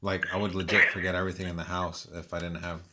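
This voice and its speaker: A very low-voiced man trading jokes in loose, casual podcast banter. His voice sits deep under a clearly audible hiss of background noise. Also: level tone. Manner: joking, quick banter. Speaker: podcast co-host. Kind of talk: casual chat.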